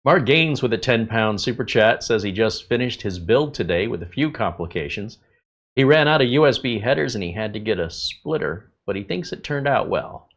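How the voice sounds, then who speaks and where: A man hosting a live tech channel stream, greeting viewers in a relaxed, chatty way with many filler pauses. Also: on the low side.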